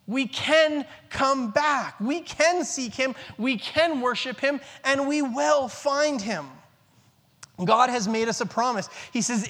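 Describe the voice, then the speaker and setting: A man's voice: very high voice, sharp tone. A man in his thirties preaching a sermon, earnest, repeating key phrases for emphasis. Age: 30s. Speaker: pastor. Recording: long reverb in a large hall.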